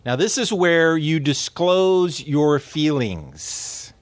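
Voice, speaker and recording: Man, instructor, classroom lecture, lively, laughs often, asks the room questions, repeats words, dry sound. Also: on the high side, slow pace, dry recording.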